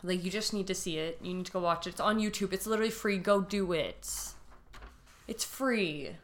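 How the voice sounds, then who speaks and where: A woman's voice: mid-range voice, normal speed. A young woman co-hosting a casual podcast, retelling a case emotionally, with many fillers and trailing-off phrases. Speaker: podcast co-host telling a true crime case.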